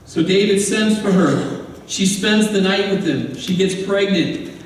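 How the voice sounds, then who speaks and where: A man's voice: sits high, a little slow. A man preaching a sermon as pastor, telling the story conversationally with asides and acted-out voices, in a church sanctuary. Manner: acts out quoted voices. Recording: echoey hall, distant mic, faint room noise.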